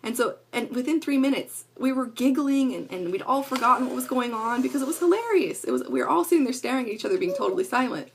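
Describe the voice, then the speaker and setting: A middle-aged woman speaks to camera from her home in a loose, rambling way, circling back on her thoughts with plenty of fillers. Her voice sits slightly high, with a gravelly fry running through it. A faint hiss of noise sits underneath. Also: animated, quick pace, hardly any pauses. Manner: rambling, earnest, many fillers. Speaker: parenting vlogger. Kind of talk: casual talk to camera.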